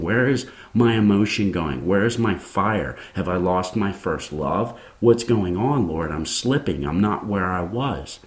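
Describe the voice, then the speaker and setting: Deep-voiced earnest male podcast preacher. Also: a little mellow, echoey room. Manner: earnest, rambling, many restarts and fillers. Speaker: Christian podcast host.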